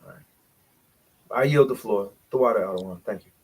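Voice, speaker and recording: A man's voice: lowish voice, fairly quick, slightly rough. Emphatic preaching man. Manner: preachy, emphatic, swings from loud to hushed. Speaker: bible study teacher. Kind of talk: livestream bible study teaching.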